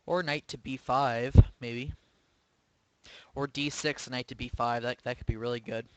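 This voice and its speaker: A man's voice: mid-range voice, fairly even intonation, unhurried, fairly bright tone, dry recording, low-quality recording. A man commentating his own online chess game live, thinking aloud with hesitant, self-questioning remarks. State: sleepy, yawning. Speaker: chess streamer.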